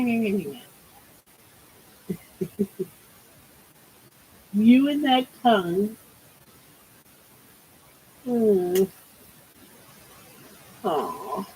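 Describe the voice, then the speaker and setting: A woman's voice: a little high, mellow, slight background noise, poor audio. An older woman hosting a casual livestream from home, cooing baby talk to her pet. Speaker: livestream host.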